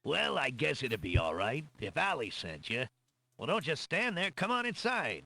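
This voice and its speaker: An actor playing a weary older island ferryman with a Brooklyn accent and a gruff, folksy way of talking. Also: mid-range voice, huge pitch swings, moderate pace, bright, forceful tone, no echo, heavily acted. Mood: wistful. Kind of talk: 1990s computer game voice acting. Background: game music.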